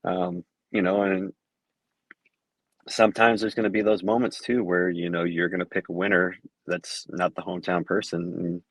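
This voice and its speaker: A man, a fight judge guest, answering interview questions in a halting way full of fillers and restarts. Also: low voice, little pitch movement, no echo. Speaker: MMA judge, podcast guest.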